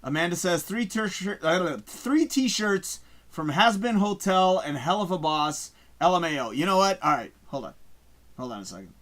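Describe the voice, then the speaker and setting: A male livestream host chats casually with his viewers and reads their comments aloud. His voice is bright and forceful and sits a little high. His talk is profane, rambling and animated. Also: moderate pace. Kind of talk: casual live chat reading viewer comments.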